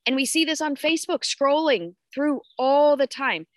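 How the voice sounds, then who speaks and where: With a dry, close sound and no echo, this podcast host talks casually about spiritual matters live, swearing freely and greeting viewers. Her voice sits high with lively intonation at a moderate pace, and she comes across as candid.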